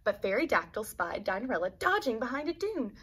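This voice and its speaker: A woman teacher reading a children's picture book aloud, expressive, adding explaining asides to young pupils. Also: on the high side, a little fast, husky.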